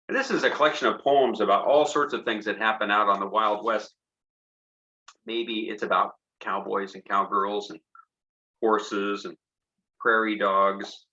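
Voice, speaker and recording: A man's voice: lowish voice, bright, forceful tone. A man, a children's poet and songwriter, reading his poems aloud for families in a playful, encouraging way and inviting the listeners to join in with sound effects. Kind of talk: interactive poetry reading for children. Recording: slightly dull, lo-fi online concert recording.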